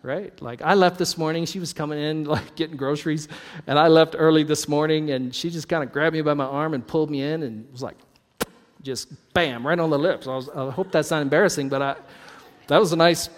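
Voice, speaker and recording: A man's voice: on the high side, fairly quick, a bit bright, big-room sound. A man preaching a sermon as pastor, talking conversationally with joking asides and frequent laughs. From North Idaho.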